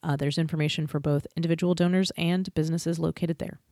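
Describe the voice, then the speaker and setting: A woman with a slightly low voice chats loosely on a podcast, rambling and self-deprecating with frequent giggles. Her sound is dry and close, with no room around it. Later she reads out the show's plugs and sponsor notes. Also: fairly even intonation, fast talker, warm tone, no echo. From Atlanta, US. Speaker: podcast co-host. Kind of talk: casual chat and outro announcements.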